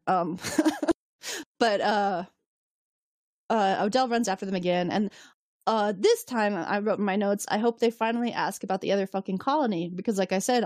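A woman's voice: mid-range voice, a little mellow, dry recording, clean studio sound. A woman co-hosting a podcast, recapping an episode in casual chat, laughing often and swearing freely.

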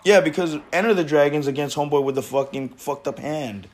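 Animated, profane man hosting a chat. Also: a little high, brisk. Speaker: host of a smoking stream show. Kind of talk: casual reaction chat. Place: garage.

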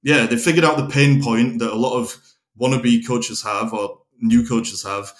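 A man's voice: mid-range voice, fairly even intonation, moderate pace. A man hosting a podcast who also works as a coach, speaking bluntly and thoughtfully, now and then swearing. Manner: blunt, reflective, occasional swearing. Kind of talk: casual podcast conversation.

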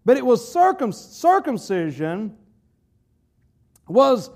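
A man's voice: very high voice, big pitch swings, takes it slowly. A middle-aged man, a pastor, preaching a sermon in a conversational way, with asides and quoted voices.

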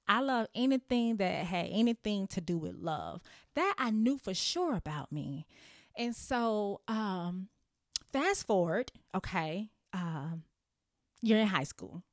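A woman's voice: fairly low pitch, no room sound, clean studio sound. A woman in her thirties hosting a podcast, telling her own story in a candid, playful way and laughing often. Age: 30s. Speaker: podcast host. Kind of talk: casual storytelling monologue.

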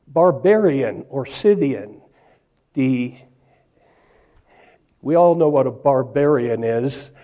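A man's voice: mid-range voice, lively intonation, mellow. A man preaching a sermon, reading verses aloud and stressing key words with emphasis. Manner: slow, emphatic, reads scripture aloud.

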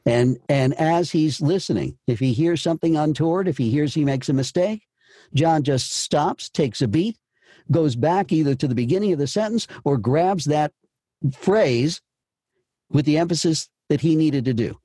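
A man's voice: fairly high pitch, expressive, moderate pace, warm tone, no echo, studio quality. A man coaching voice actors, talking emphatically and often repeating and restarting his phrases. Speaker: voice acting coach. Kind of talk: coaching session.

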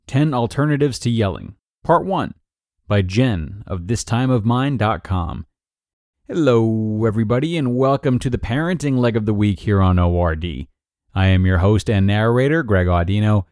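A man hosting a podcast, reading a parenting blog article aloud in an upbeat, expressive way with emphatic rises. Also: lowish voice, no echo, clean studio sound. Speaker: podcast host and narrator.

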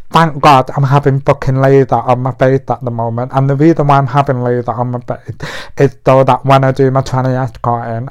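Crude, nonstop man, smooth voice. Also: medium pitch. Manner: crude, rambling, talks nonstop. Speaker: podcast host. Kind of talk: casual podcast monologue. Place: bedroom in a flat.

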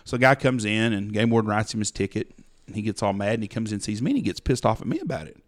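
A man's voice: fairly low pitch, big pitch swings, very fast. A middle-aged man, a hunting outfitter telling blunt, folksy stories about clients on a podcast. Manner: folksy, blunt storyteller acting out clients' lines. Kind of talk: casual storytelling chat.

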